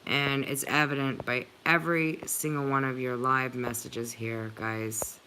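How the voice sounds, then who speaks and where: A woman's voice: rumbling low, fairly even intonation, measured pace, noisy background. A woman hosting a livestream, chatting earnestly and emotionally with viewers, with many filler "likes". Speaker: channel host reading live chat.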